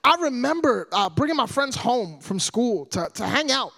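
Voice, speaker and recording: A man in his thirties giving a humorous sermon as a guest preacher, loud and animated, joking with the congregation. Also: very high voice, normal speed, vocal fry.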